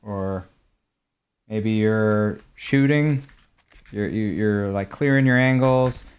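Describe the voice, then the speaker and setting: Showing game skins on stream, a young man talks slowly in a lowish, clear, resonant voice. He keeps things casual, answering what viewers ask about ranks and gear.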